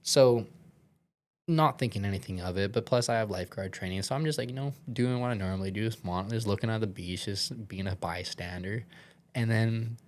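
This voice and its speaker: A man's voice: lowish voice, fairly quick, a little mellow. A young man, a podcast guest, telling a story in a casual, rambling way with many filler words and some swearing, earnest and shaken.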